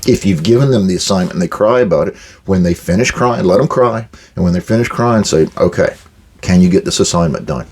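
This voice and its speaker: Older guy giving blunt boss advice, real low husky voice, acts out the back-and-forth. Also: a little fast, a little mellow. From United States. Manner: blunt, direct, plainspoken; acts out quoted exchanges with workers. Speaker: podcast host giving management advice.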